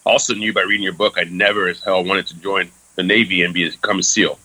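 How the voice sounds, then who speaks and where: A man's voice: deep voice, level tone, quick pace, sharp tone, husky, rough recording. A man who served in the Army, telling a candid story in casual talk with lots of fillers and some swearing. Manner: frequent fillers, candid and profane. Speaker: interview guest, Army veteran.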